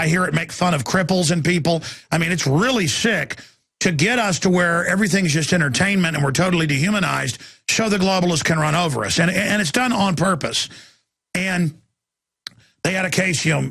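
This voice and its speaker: A man's voice: fairly high pitch, gravelly, a bit bright, slightly rough, dry recording, studio quality. A man from Texas, hosting a talk radio show and ranting in a heated, rambling way, often repeating words as he restarts.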